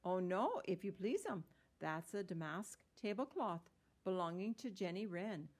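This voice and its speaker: A woman's voice: mid-range voice, very animated, measured pace, a little mellow. A woman voicing a fussy little female hedgehog washerwoman in a storybook reading, with bobbing, deferential, old-fashioned country speech. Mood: eager, polite.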